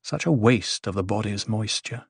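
A man narrating a novel in steady, even scripted storytelling. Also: on the low side, moderate pace, gravelly, husky, no echo, studio quality. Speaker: audiobook narrator.

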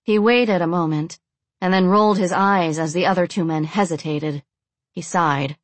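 Low-voiced woman reading a story. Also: fairly even intonation, moderate pace, no echo. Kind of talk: scripted story narration.

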